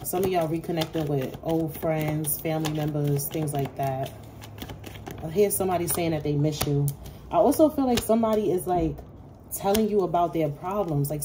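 A woman's voice: low-pitched, noisy background. A woman giving a casual tarot reading to her viewers, talking bluntly and swearing freely. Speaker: tarot reader.

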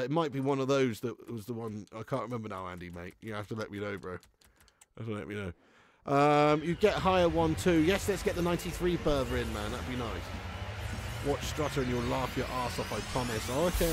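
A man chatting through a live gaming stream, his pitch swinging up and down as he reads chat aloud. He jokes, swears freely and laughs a lot, with a cheeky, easygoing manner. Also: animated, fast, background noise. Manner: banter-heavy, swears freely, laughs often, slips into silly voices. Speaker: gaming livestream host.

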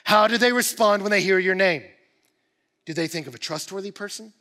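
A male pastor preaching a sermon in an animated, emphatic way, with rising bursts of energy. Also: high-pitched, a little fast, in a large hall. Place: church auditorium.

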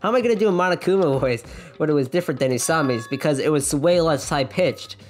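Young woman goofing through a game, reads lines out, lowish voice, giggles, bit of game music under. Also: lively intonation, quick pace, darkish tone. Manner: jokey, giggly, self-interrupting. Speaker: let's play streamer. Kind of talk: casual gameplay commentary, reading dialogue aloud.

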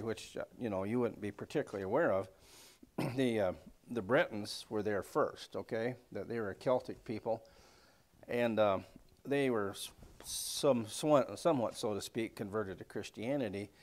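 A man teaching a casual church Bible class with a somewhat low voice. He talks in a folksy, rambling way, full of fillers and side stories. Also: moderate pace.

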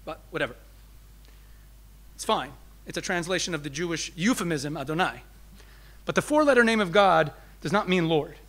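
Speaking as a rabbi, a man with a fairly high, expressive voice gives an explanatory teaching talk to an audience. He moves between emphatic and soft delivery and slows down on key phrases.

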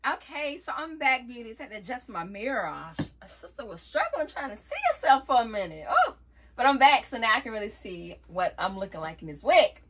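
A woman's voice: fairly high pitch, big pitch swings, a little fast, a bit bright, slight background noise. A woman vlogging a wig review in a casual, playful way, often calling viewers y'all. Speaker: beauty vlogger.

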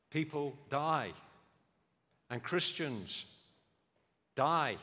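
A man preaching an earnest memorial sermon, rhetorical and lively, sometimes mimicking bland voices in a high tone. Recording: long hall reverb.

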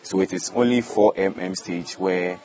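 A young man from Ghana in his twenties, a student catfish farmer giving plain, halting answers with fillers in an interview. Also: deep voice, fairly even intonation, darkish tone, a little hiss or hum. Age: 20s.

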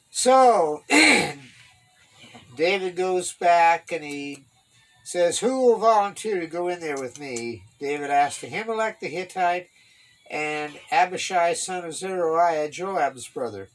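Man, kids' Bible class teacher, reads the story aloud and voices the characters, somewhat high voice. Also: fairly bright tone, low-quality recording. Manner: voices the characters with rising pitch, adds wry comments. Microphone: online stream mic.

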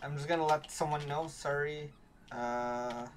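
A woman streaming a game, chatting casually with her viewers and reacting loudly to the game. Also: low-pitched, steady tone, a little slow, noisy background. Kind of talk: casual gameplay commentary.

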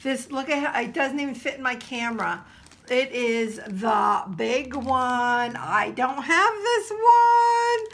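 Gushing, bright-voiced woman unboxing crafts. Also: sits high, slow pace. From New Jersey. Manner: gushing and excitable, full of exclamations; chatty with many fillers. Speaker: craft vlogger. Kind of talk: casual unboxing chat. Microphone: camera.

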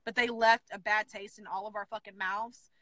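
A woman's voice: medium pitch, level tone, moderate pace, pushed and bright, dry recording. A woman, talking in a brash, profane way in a casual chat as co-host. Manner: brash, profane, storytelling with acted quotes.

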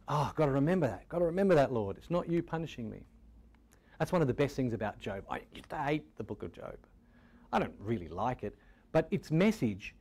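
A man preaching a sermon in a conversational way, asking rhetorical questions and often dropping to a soft, quiet tone. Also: fairly high pitch. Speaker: pastor.

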